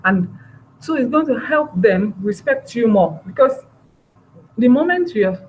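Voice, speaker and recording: A woman giving a parenting training talk, lively and acting out parent and child voices as she explains. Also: a little high, a little slow, a little hiss or hum, poor audio.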